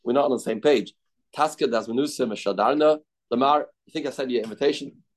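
A man giving a daily Talmud class, retelling the rabbis' exchanges with animated back-and-forth and Aramaic terms mixed into his English. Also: mid-range voice, quick pace, low-quality recording. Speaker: Talmud teacher. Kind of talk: daf yomi lesson, retelling a Talmud story.

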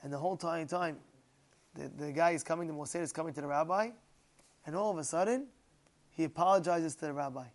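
A high-pitched man teaches a religious class. He tells his story emphatically and repeats key phrases to drive them home. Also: quick pace, long pauses. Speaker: Torah teacher.

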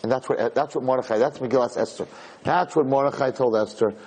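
Husky-voiced rabbi telling a story. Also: male voice, mid-range voice, fast talker, low-quality recording. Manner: animated storyteller acting out dialogue. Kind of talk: storytelling Torah lecture.

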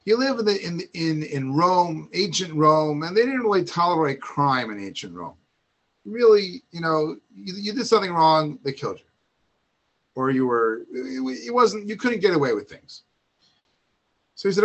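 A man giving a Torah talk, telling an old story in a lively, casual way full of asides and restarts. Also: fairly high pitch, moderate pace.

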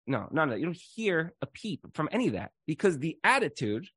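Animated man giving a casual religious lecture. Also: fairly high pitch, a little fast, hardly any pauses, breathy edge, no room sound. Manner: animated storytelling full of "like"s and acted-out quotes. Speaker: Torah lecturer.

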